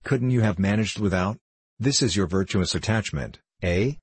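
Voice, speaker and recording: A man's voice: on the low side, normal speed, husky, no echo. A man reading an audiobook, voicing a scheming, contemptuous foreign diplomat who speaks in a guttural, mocking, condescending way.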